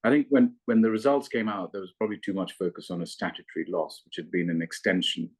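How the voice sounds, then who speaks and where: Deep-voiced fund manager, measured. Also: male voice, lively intonation, slightly rough. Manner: measured, analytical, frequent restarts. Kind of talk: investment interview.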